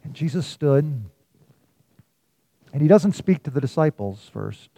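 A male pastor delivers a sermon in a slightly high, mellow voice. He moves between raised, emphatic lines and soft, hushed passages. The sound is dry and close. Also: expressive, measured pace, creaky, dry recording. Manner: storytelling with dramatic swings from loud to hushed.

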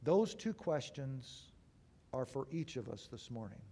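A man preaching an Easter sermon as a pastor, moving between raised, emphatic phrases and hushed, slow ones with deliberate pauses. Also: medium pitch, sing-song, slightly rough. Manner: dramatic swings between loud and hushed.

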